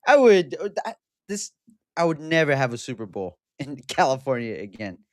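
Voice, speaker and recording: A man's voice: mid-range voice, sing-song, moderate pace, no room sound, studio quality. A man co-hosting a podcast, chatting in a laid-back way with chuckles. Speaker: podcast co-host. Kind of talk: casual chat.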